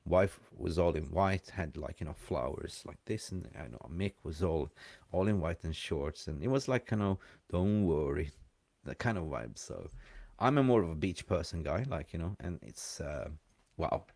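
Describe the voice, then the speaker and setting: Male host, low voice, dry close sound, rambling casual chat. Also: animated, creaky, darkish tone, dry recording. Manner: chatty, rambling, quick to laugh. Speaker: live show host.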